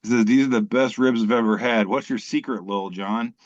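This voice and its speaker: A man's voice: medium pitch, fairly quick, dry recording. Man, podcast host, casual joking chat, swears, dull lo-fi, dry. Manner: swearing, joking, reads posts aloud.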